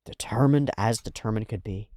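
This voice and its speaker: Low-voiced man casually reacting to anime. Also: normal speed, dry recording, clean studio sound. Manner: animated, swearing, swings between loud and hushed. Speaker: reaction video host.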